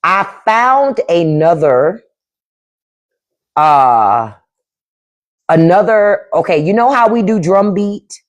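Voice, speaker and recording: Chatting casually with viewers on a livestream, this female podcast host is animated, often laughing and mimicking her relatives' speech. She speaks somewhat low and slowly, leaving long pauses.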